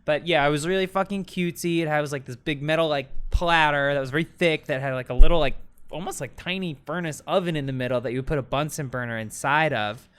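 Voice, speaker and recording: A woman's voice: low-pitched, fast, clear, resonant tone. A woman co-hosting a comedy podcast, telling rambling stories in casual chat, swearing freely and acting out the people she quotes. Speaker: podcast co-host.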